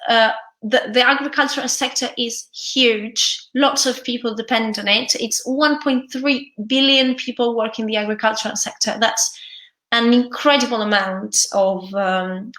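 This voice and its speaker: Bright, echoey Italian-accented woman teacher. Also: on the high side. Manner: hesitant, many fillers and restarts. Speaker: English teacher. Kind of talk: reading and explaining a news article.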